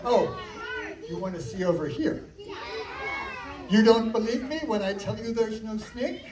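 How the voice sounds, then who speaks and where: A kids' magician entertains a noisy crowd of children in a library activity room, using countdowns and a magic word to playfully draw in the audience. His mid-range voice is animated but measured in pace, and the recording sounds distant and echoey, with loud crowd noise.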